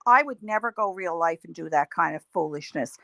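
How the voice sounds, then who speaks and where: A woman's voice: lowish voice, animated, a little fast, gravelly, sharp tone, dry recording. A middle-aged woman hosting a casual livestream, chatting in a rambling way and answering viewer comments. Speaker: livestream host.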